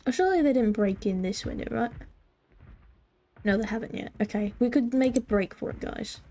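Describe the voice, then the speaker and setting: Her voice is a little high with a dark tone, and she speaks briskly. Playing a game on a live stream, this woman gives commentary and addresses her chat using playful, mock-formal phrasing.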